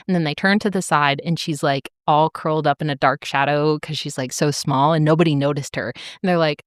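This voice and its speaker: A woman's voice: low voice, a little fast, hardly any pauses, no room sound, clean studio sound. A young woman co-hosting a podcast, recapping a novel in casual chat and acting out the characters' lines with lots of laughter. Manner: animated, acts out characters' lines, laughs often. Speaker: podcast co-host.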